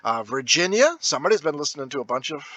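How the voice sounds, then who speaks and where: A man's voice: fairly high pitch, sing-song, quick pace, a crowd in the background. A man co-hosting a casual movie review podcast, rambling with lots of fillers and frequent laughter. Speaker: podcast co-host.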